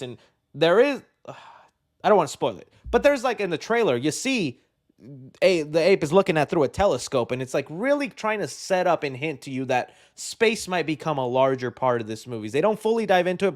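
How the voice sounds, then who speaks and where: Excited rambling man talking films. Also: fairly high pitch. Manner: excited and rambling, many fillers and restarts. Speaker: film commentary host. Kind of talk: casual film chat.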